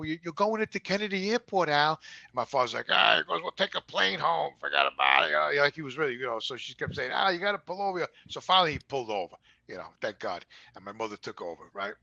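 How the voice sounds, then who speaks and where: A man's voice: mid-range voice, sharp tone, dry recording, dull audio. A man, telling a long personal story on a podcast and rambling with lots of "you know.". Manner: rambling, repeats words and says "you know" a lot. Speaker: podcast co-host. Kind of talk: casual storytelling chat.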